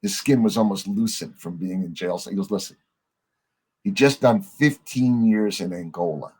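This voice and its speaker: A middle-aged man with a husky, slightly low voice tells a story on a podcast. He acts out what the other people in it said and swears casually as he goes. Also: moderate pace, darkish tone. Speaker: podcast guest.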